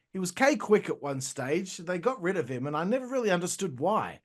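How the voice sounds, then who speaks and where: A man's voice: fairly high pitch, sing-song, a little fast, hardly any pauses. Profane man ranting as host. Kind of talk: casual wrestling review commentary.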